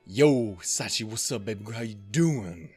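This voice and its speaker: A man's voice: on the low side, expressive, normal speed, darkish tone, breathy edge, faint music behind. Profane, rambling let's-play man. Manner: profane, rambling, self-deprecating. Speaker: let's player. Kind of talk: casual game commentary, reading text aloud.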